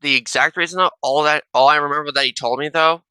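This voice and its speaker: A man's voice: on the high side, steady tone, fast talker, bright, forceful tone, clean tone, dry recording. A man hosting a casual reaction video on a wireless headset, rambling along with constant restarts and a tacked-on "though" in nearly every sentence. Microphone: wireless gaming headset.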